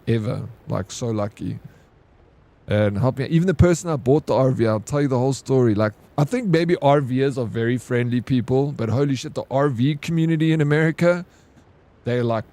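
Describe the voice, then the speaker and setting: Young man, relaxed game streamer, mellow voice, rambling casual chat. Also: mid-range voice. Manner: rambling, laid-back, peppered with "like", "dude" and "bro".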